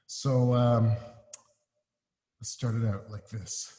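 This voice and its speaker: A man chatting casually as a guest musician on a video call, relaxed and friendly, talking from his home. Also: medium pitch, takes it slowly. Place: room in his home in Montreal. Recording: reverberant room over a video call.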